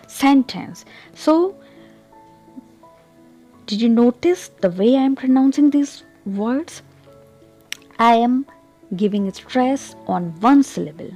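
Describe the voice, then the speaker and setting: A woman with a mellow, medium-pitched voice teaches English pronunciation at a slow, careful pace. She says example words more than once and keeps asking "okay?"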